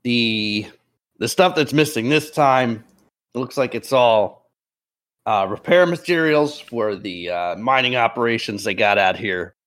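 A man running a tabletop game, briefing the players in a relaxed, rambling way while a bit under the weather. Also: medium pitch, measured pace. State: a bit sick, clearing throat. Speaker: game master. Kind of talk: voicing a military chief in a tabletop game.

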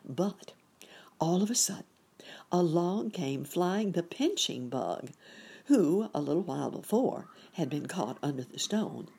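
A woman reading a children's story aloud in a lively, expressive way. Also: fairly low pitch, unhurried, gravelly, breathy edge.

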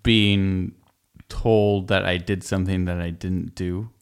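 A man in casual podcast chat, mostly listening and answering bluntly at a slow pace. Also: sits low, steady tone, clean tone. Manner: slow, laid-back backchanneling with blunt remarks. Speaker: podcast co-host.

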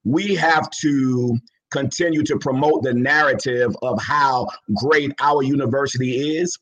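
A man's voice: mid-range voice, unhurried, fairly bright tone, dull audio. A man in his fifties, a guest speaker talking with rhythmic, repetitive, preacher-like fervor. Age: 50s. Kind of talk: fervent preacher-like interview talk.

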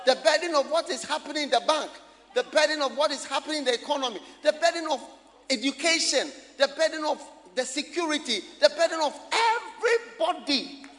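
An expressive male pastor, speaking a little fast, delivers a sermon from the pulpit in a strikingly high, bright, forceful voice. His pitch swings broadly as he shouts his points and puts questions to the congregation. Faint room noise sits under the long echo of a church hall.

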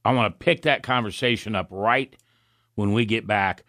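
A man with a fairly low voice and a cough hosts Christian talk radio at a moderate pace. With no room sound and a clean studio recording, he comes across folksy and animated, often restarting as he thinks aloud.

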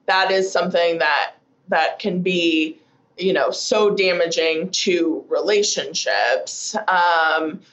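A woman physician explains addiction in a thoughtful, measured way, using plenty of fillers. Her voice sits at a middle pitch. The recording sounds echoey and a little dull. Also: a bit bright. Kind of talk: conversational expert explanation.

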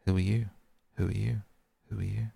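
A man's voice: lowish voice, level tone, moderate pace, creaky, mellow, breathy edge, exaggerated voice. A man voicing a fading mountain echo. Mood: hollow. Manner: repeating, fading. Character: mountain echo, hollow, repeating. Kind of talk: audiobook reading.

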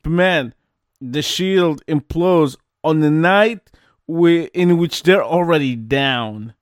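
Man, host, very slow pace, smooth resonant voice, dry sound. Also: on the high side, no echo. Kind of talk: casual show hosting.

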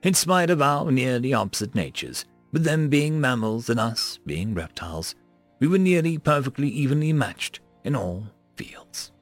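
Expressive male story narrator. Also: medium pitch, moderate pace, soft background music. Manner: expressive reading that rises and falls. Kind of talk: reading sci-fi stories aloud.

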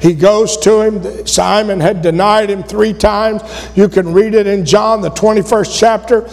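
Man, preacher, sermon, impassioned, very high pitch, long church-hall reverb. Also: fairly even intonation, unhurried, gravelly, faint music behind. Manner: impassioned, builds to shouting then drops low.

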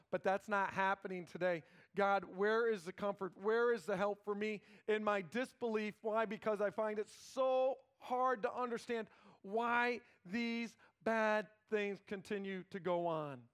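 High-voiced man preaching a sermon. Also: a bit bright, clean tone. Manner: earnest preaching, retells scripture with informal asides and dramatic pauses. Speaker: pastor.

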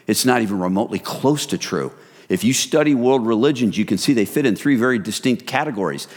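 A middle-aged man preaching a sermon as pastor, in a relaxed, conversational way that speaks to listeners as "you guys". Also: medium pitch, a little fast. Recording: reverberant hall.

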